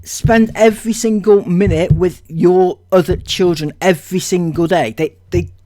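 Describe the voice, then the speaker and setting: A woman's voice: lowish voice, steady tone, moderate pace, dark tone. A woman reacting to a clip at home, exasperated, swearing and breaking into laughter as she comments. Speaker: online commentator.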